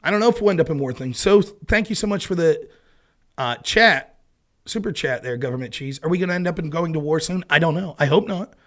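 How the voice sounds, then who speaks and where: Male stream host, high lively voice, sarcastic, swears, mocks critics. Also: a little fast. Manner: animated, sarcastic, mocking imitations of opponents; swears freely in exasperation. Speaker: political livestream host. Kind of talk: casual political commentary.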